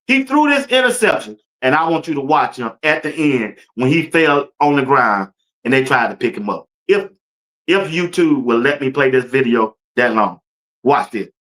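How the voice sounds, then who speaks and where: A man hosting a casual sports talk stream, animated, slangy and laughing often. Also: medium pitch. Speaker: sports talk show host.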